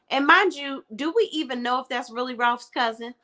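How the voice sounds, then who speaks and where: A woman's voice: high voice, lively intonation, moderate pace, hardly any pauses, fairly bright tone. A woman reviewing a reality show in a casual, blunt, opinionated chat.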